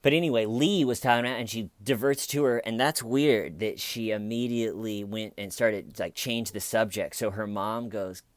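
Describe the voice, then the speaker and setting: A man's voice: lowish voice, moderate pace, hardly any pauses, no room sound. A man hosting a comedy channel, giving sarcastic true crime commentary with sighs and mocking asides. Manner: sarcastic, sighing, quoting people in mocking voices.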